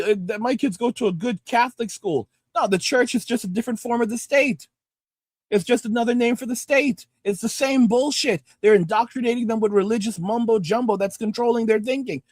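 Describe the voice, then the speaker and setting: An extremely high-pitched man, recorded without echo, hosts a livestream and reads viewer comments. He lectures viewers in profane, angry ranting commentary, repeating himself.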